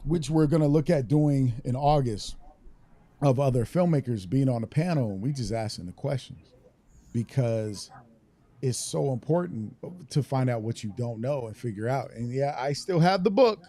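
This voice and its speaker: Animated, laughing male podcast host. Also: medium pitch, normal speed. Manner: laughs often, animated joking. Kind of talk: casual panel chat.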